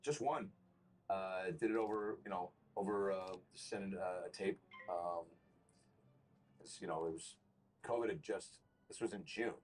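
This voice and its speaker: A man's voice: low-pitched, measured pace, a little hiss or hum. A man, a comedian and actor, telling rambling, profane stories as an interview guest. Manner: rambling, profane, animated storyteller. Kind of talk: casual interview storytelling.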